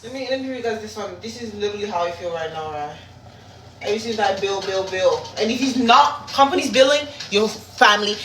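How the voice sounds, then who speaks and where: A woman's voice: mid-range voice, fast, a little hiss or hum. A woman chatting casually on a livestream while she cooks, blunt and profane, talking straight to her viewers on a phone. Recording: echoey room with loud music behind.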